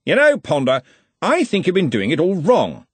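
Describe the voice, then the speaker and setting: A man voicing a bluff, loud, jovial old male wizard who gives commands. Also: a little high, wildly swooping pitch, moderate pace, slightly rough, no room sound, voice pushed up, exaggerated voice.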